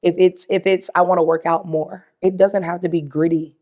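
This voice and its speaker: A woman's voice: lowish voice, flat delivery, moderate pace, a little mellow. A woman guest, a fitness coach, giving encouraging, practical advice in a casual chat. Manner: encouraging, advising.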